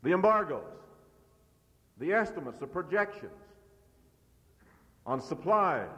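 Middle-aged man, slightly high voice, pounding rhetoric at a podium; old cassette from an echoing hall. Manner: forceful, repetitive rhetoric. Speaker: farm organization leader. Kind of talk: convention speech. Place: large convention hall.

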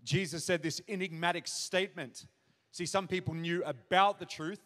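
A man's voice: on the high side, fairly even intonation, moderate pace, a bit bright. A man preaching a sermon in a church, speaking earnestly and directly to the audience and building to emphatic questions. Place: church auditorium. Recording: reverberant church hall.

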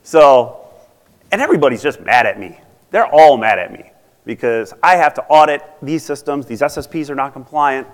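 A man's voice: mid-range voice, animated, normal speed, lightly acted. A man voicing a grumpy, resentful male auditor who grumbles, in an echoing hall. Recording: reverberant conference hall.

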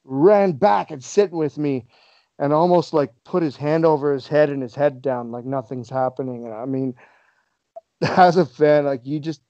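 Mellow-voiced man telling stories. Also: medium pitch, no room sound. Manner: animated, laughs through his stories. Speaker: guest. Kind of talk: casual storytelling. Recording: dull lo-fi sound.

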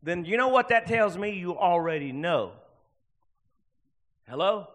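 A man preaching a sermon as pastor, swinging between loud fervent bursts and hushed passages. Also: sits high, animated, unhurried.

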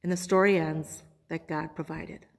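A woman pastor preaching a sermon, quoting scripture with dramatic pauses. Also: sits low, fairly even intonation. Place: church sanctuary. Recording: long hall reverb.

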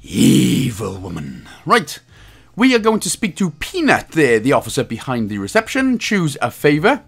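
A man narrating a game walkthrough, joking around and slipping into silly high voices. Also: huge pitch swings, a little fast, few pauses, fairly bright tone. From Wales. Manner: bursts into silly high-pitched voices and laughs at own jokes. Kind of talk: jokey game walkthrough commentary. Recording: faint game music underneath.

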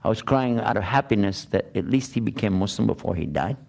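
A man giving a religious talk to an audience, lively and questioning, often acting out the voices of the people he quotes. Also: fairly low pitch, brisk, creaky. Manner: animated, plays out quoted voices and asks rhetorical questions. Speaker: Islamic preacher.

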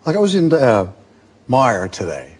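An Australian actor in his forties, a talk-show guest telling lively anecdotes and acting out other people's voices. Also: medium pitch, a little slow, husky. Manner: animated storyteller, acts out other voices. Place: television studio.

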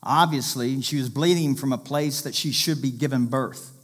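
A man's voice: mid-range voice, normal speed. Man preaching a sermon, emphatic. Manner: emphatic, urging listeners to pay attention. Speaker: pastor. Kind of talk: sermon with scripture reading.

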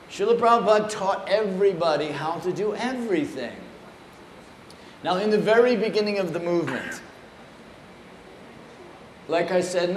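A man telling humorous anecdotes at a temple talk in an animated, playful way. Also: high-pitched. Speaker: speaker at a temple. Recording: echoey room, faint noise.

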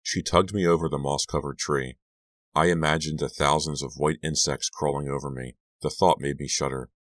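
A man narrating a scary audiobook in a measured, hushed storytelling manner, lifting his voice for the dialogue. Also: very deep voice, steady tone, dry recording. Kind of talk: scripted narration.

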